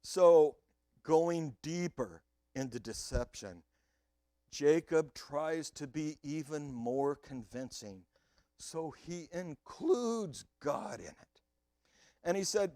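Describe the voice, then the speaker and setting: A male pastor delivering an animated sermon and talking straight to his congregation. His voice rises and falls a great deal, and he takes his time with each phrase. The recording is dry, with little room sound. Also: a little high, takes it slowly, dry recording.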